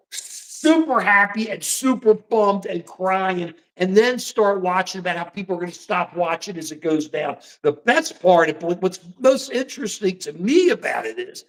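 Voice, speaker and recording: A man's voice: sits high, fairly bright tone. A man from the United States hosting a casual political livestream, rambling and repeating himself with folksy slang. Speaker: livestream host.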